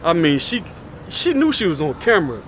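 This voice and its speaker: A man's voice: a little high, very animated, a little fast, low-quality recording. A man teaching on the street, blunt, profane and casual. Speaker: street preacher. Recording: outdoor recording with loud traffic noise.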